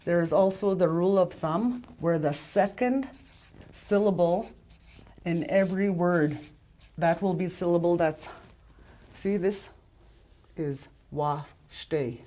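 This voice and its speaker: Low-voiced older woman teaching haltingly. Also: warm tone. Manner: halting, loses her place and restarts often; sounds out syllables slowly and repeats them. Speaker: language teacher. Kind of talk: informal language lesson.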